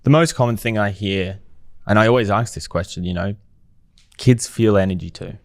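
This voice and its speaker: A man's voice: on the low side, moderate pace, dry recording, clean studio sound. A man speaking as a guest on a podcast, talking reflectively and posing rhetorical questions in a casual conversation.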